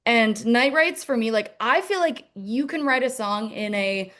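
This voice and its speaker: A woman's voice: on the high side, unhurried, a bit bright. A young adult woman musician in a casual interview, talking in a rambling way with many fillers. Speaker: musician guest.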